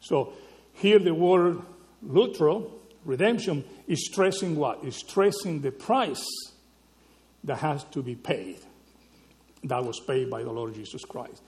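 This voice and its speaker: A man preaching a sermon, teaching slowly and emphatically, often checking in with the listeners with a quick question. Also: on the high side, lively intonation, a little mellow, in a large hall. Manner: slow, emphatic teaching with frequent rhetorical "right?" checks.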